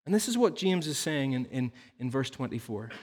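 A man's voice: medium pitch, very animated, a little fast, darkish tone. A man preaching a sermon in an earnest teaching tone, explaining through stories and rhetorical questions. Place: church hall. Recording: long reverb of a large hall.

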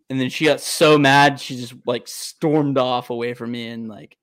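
A young man, co-hosting a casual sports podcast, telling stories with animated, profane energy. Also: medium pitch, normal speed, no echo. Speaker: podcast co-host.

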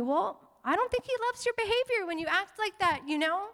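Woman pastor, high bright voice, lively preaching with playful asides, long church-hall echo. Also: a little fast. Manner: animated, playful asides to the congregation. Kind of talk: sermon. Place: church sanctuary.

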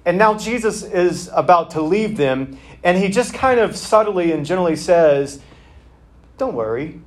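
A man's voice: sits high, expressive, measured pace. A male pastor giving a conversational sermon in a church, talking plainly with casual fillers.

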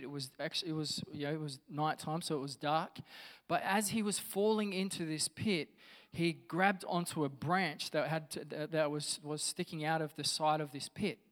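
A man's voice: a little high, in a large hall. A man pastor giving a conversational, enthusiastic sermon to his church.

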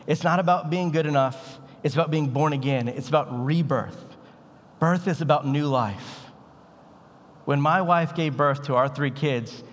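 A medium-pitched man delivers a sermon as a pastor, keeping it relaxed and chatty with a bit of slang thrown in. The big, roomy sound of the church sanctuary surrounds his voice.

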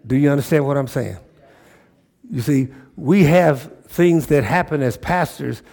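A man's voice: a little high, measured pace, vocal fry, a little mellow. A pastor preaching a sermon, emphatic, repeating phrases and checking in with his listeners.

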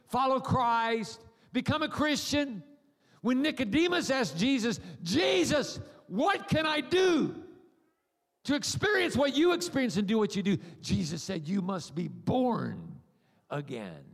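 A middle-aged American-born preacher giving a humorous, storytelling sermon, animated and rambling, acting out voices and cries. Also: male voice, high-pitched, creaky. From United States. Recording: long hall reverb.

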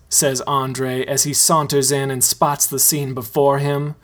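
A man narrating a comedic story in a deadpan way, sometimes breaking into laughs. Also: medium pitch, unhurried, few pauses. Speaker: story reader.

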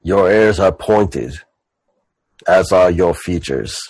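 A man voicing a tall, strange male half-orc who speaks slowly and refers to himself in the third person. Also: low-pitched, a little mellow, no room sound, low-quality recording. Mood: solemn.

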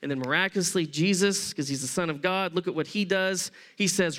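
A man preaching a sermon as pastor, conversational and animated, acting out the people in the story as he tells it. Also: sits high, fairly quick, hardly any pauses. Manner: acts out voices of people in the story.

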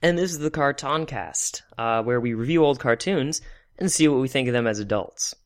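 A man's voice: mid-range voice, moderate pace. Teasing man co-hosting a podcast. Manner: teasing, stammers on restarts. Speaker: podcast co-host. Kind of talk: casual chat.

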